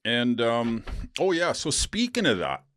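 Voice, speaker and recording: A man's voice: mid-range voice, huge pitch swings, a little slow, fairly bright tone, slight background noise. A middle-aged man hosting a podcast, telling a story in a loose, rambling way with lots of fillers and restarts and some blunt swearing. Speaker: podcast host. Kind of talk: casual storytelling.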